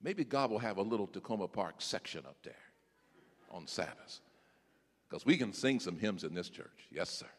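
A male pastor preaching a sermon in a church. He calls out to members of the congregation by name and breaks into shouts. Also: fairly low pitch, lively intonation, normal speed. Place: church sanctuary. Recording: echoey church sanctuary.

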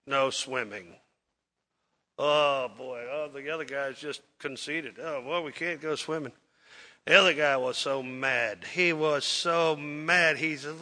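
A man's voice: mid-range voice, steady tone, measured pace, creaky, pushed and bright. A man preaching to a congregation, telling a folksy, rambling story with plenty of fillers and acting out the characters' lines. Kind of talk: sermon storytelling.

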